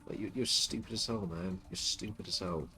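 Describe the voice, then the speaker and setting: A man's voice: sits low, fairly quick, pushed and bright, faint music behind. A man streaming live, ranting with open contempt and falling into frequent stuttering restarts.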